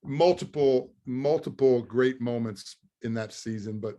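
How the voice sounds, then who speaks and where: A man in his fifties, a former football lineman, telling lively stories in an interview, often laughing and trailing into fillers. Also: mid-range voice, unhurried. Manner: lively storyteller, laughs through punchlines, many fillers. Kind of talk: storytelling interview.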